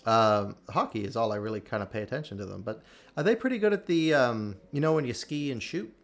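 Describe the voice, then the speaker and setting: A man's voice: medium pitch, lively intonation, brisk. A man hosting a podcast, chatting casually in an easygoing, joking way with some hesitation. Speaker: podcast host. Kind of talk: casual chat.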